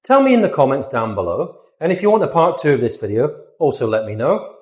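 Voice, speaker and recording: A man's voice: medium pitch, fairly quick, echoey room. A man teaching an English lesson online, modeling phrases with exaggerated rising and falling intonation. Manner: lively, sing-song teaching delivery with exaggerated intonation.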